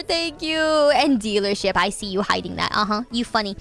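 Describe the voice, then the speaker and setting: A woman's voice: mid-range voice, a little fast, hardly any pauses, a bit bright, faint music behind. A woman hosting a livestream, chatting casually with her viewers in a bubbly, giggly way with lots of filler words. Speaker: livestream host.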